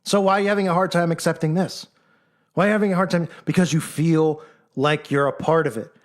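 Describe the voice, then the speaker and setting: A man's voice: on the high side, fairly even intonation, fast. A man delivering an argumentative monologue, combative and mocking, firing off rhetorical questions and mimicking his critics. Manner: acts out critics in mock voices. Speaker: commentator.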